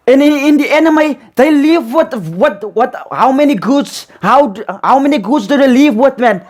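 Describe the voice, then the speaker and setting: A man with a high voice gives casual reaction commentary on a show. He repeats his points over and over and tacks "man" onto almost every sentence. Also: animated, normal speed, few pauses. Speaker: reaction video host.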